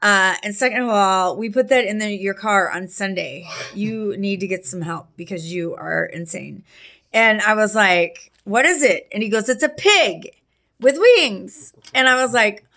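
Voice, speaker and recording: A middle-aged woman telling a personal story in a casual, rambling way, full of fillers and restarts, with allergies that make her clear her throat. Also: medium pitch, normal speed, pushed and bright.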